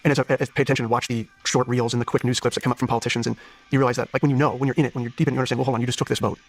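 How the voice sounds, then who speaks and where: A man's voice: mid-range voice, flat delivery, rapid-fire. A man in his thirties, a political candidate on an interview show, speaking earnestly and restarting his thoughts often. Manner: earnest, searching, many restarts. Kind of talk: interview conversation.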